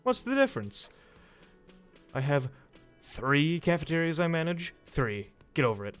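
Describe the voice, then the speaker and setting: A man's voice: fairly high pitch, huge pitch swings, a little slow, soft background music. A man voicing a grumpy, sarcastic male cafeteria manager in a video game who demands money he is owed. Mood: irritated. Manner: sarcastic, exasperated.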